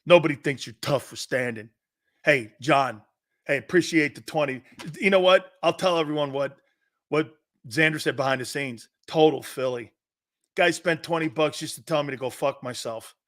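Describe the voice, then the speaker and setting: A man's voice: a little high, normal speed, a bit bright. A middle-aged man hosting a sports talk stream, joking and swearing as he reads viewer comments aloud. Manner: brash, joking, profane banter with chat. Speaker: sports talk show host.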